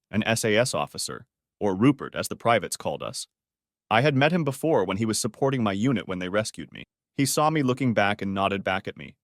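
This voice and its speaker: A man narrating a scripted story in an expressive storytelling manner. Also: fairly low pitch, dry recording, studio quality.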